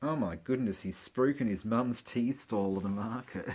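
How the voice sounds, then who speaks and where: A man's voice: medium pitch, normal speed, darkish tone, husky. A man, chatting casually as a vlogger, joking and laughing to himself as he leafs through an old magazine. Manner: chatty, giggly, joking asides while leafing through a magazine. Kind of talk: casual chat.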